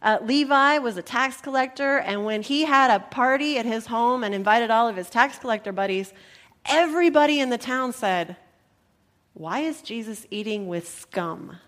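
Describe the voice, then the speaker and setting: A woman pastor reading scripture and preaching a sermon, animated and playful as she acts out the disciples in asides. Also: fairly high pitch, moderate pace.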